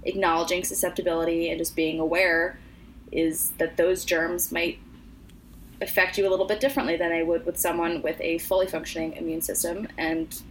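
On this casual podcast, the young female co-host talks brisk and low, her intonation staying fairly even over slight background noise. She's sincere and chatty, leaning heavily on fillers such as "like" and "you know."

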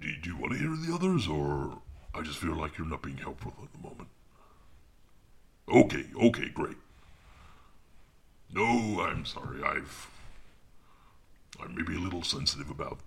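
A man in a deadpan comedy monologue, talking awkwardly and defensively as an audiobook narrator, often dropping into hushed asides. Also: rumbling low, unhurried, gravelly, pauses often, breathy edge.

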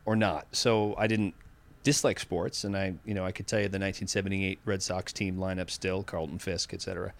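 A man's voice: sits low, little pitch movement, a little fast, gravelly, hardly any pauses. A man in his fifties from Massachusetts, guest in an interview, talking in an earnest, thoughtful way and often restarting his sentences. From Massachusetts, USA. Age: 50s. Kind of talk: reflective conversational interview.

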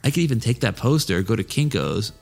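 A man's voice: fairly low pitch, very animated, a little fast, creaky, soft background music. A man from the New York area, a guest telling a long, rambling story, swearing often and saying "like" a lot. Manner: rambling, profane, lots of "like". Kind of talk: casual storytelling.

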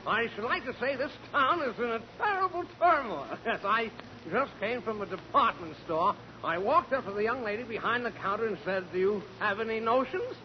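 Flustered genial old gentleman, very high and lively, dull hissy 1940s broadcast. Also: moderate pace. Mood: bumbling. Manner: chuckling and bumbling. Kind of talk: 1940s radio impression.

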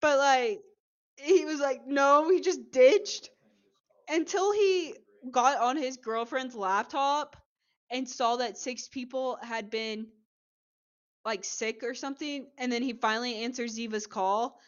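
A woman's voice: sits high, slow, muffled recording. Chatty woman retelling a show episode. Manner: chatty, animated retelling with acted quotes and laughs. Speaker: podcast co-host. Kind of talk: casual chat recapping a TV episode.

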